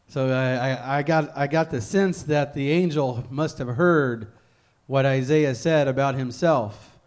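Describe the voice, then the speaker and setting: A man preaching a sermon, reading scripture slowly and deliberately, then leading a fervent prayer. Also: mid-range voice.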